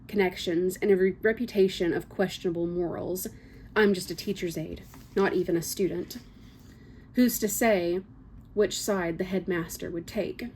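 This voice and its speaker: A woman's voice: on the low side, darkish tone, slight background noise. A woman reading a first-person novel excerpt aloud, with small slips and casual asides. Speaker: book reader.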